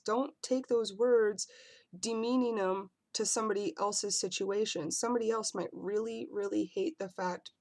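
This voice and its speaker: A man vlogging to camera in a casual, earnest way, often apologizing and circling back as he talks. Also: sits high. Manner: earnest and apologetic, rambling with restarts.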